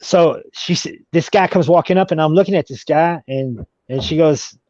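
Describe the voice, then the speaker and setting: A man's voice: on the high side, normal speed, darkish tone, no echo. A man telling a long story as an interview guest, rambling with many restarts. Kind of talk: casual storytelling. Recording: dull lo-fi recording.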